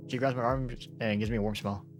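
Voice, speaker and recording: A man's voice: mid-range voice, steady tone, quick pace, over music. A young man reading a visual novel aloud as a let's-player, laughing often between plain narration.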